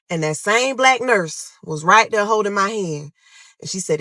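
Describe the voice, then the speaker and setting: A woman's voice: medium pitch, lively intonation, moderate pace, dry recording. A young woman telling an emotional true story to viewers, acting out her own pleas and cries as she talks. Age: young adult. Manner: dramatic, addresses listeners as y'all, acts out her own pleas loudly.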